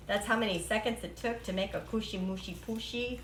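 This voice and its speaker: A woman hosts a live-streamed cooking demo in her home kitchen, chatting playfully and tossing off silly rhymes as she stirs. Her voice bounces around an echoey kitchen. Pots, cutlery and dishes clank loudly behind her. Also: medium pitch, a little fast, few pauses, a little hiss or hum. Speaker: cooking show host.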